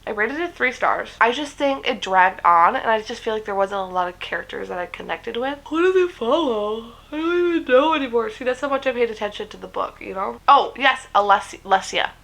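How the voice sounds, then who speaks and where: Casual book vlogger, woman, mid pitch, chatty and gushing, swears a lot. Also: a little fast, vocal fry, hardly any pauses, sharp tone, poor audio. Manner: chatty and gushing, swears freely, many fillers. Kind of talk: casual book review chat.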